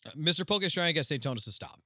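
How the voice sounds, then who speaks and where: A man's voice: on the high side, lively intonation, very fast, pushed and bright, dry recording, studio quality. A man ranting on a live stream, commenting on online drama in a heated, profane, confrontational way.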